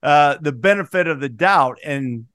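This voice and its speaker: A man's voice: on the high side, lively intonation, moderate pace, a bit bright, smooth, no room sound, clean studio sound. Wry man hosting a sports podcast. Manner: wry storyteller, teasing co-hosts. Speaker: podcast host.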